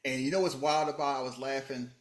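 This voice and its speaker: Male podcast host, middle pitch, animated, joking, echoey room. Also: fast. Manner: animated, joking, swings between loud bursts and low muttering. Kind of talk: casual movie chat. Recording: roomy echo.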